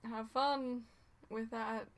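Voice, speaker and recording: A young woman with a fairly high voice reacts to a film with exasperated, joking commentary and frequent giggles. Crowd noise from the film is clearly heard behind her. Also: fairly even intonation, drawn-out words. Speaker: video host.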